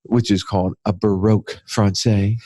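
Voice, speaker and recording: A man with a Southern US accent co-hosting a podcast, telling jokey, animated stories in casual chat. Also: on the low side, moderate pace, no room sound. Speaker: podcast co-host.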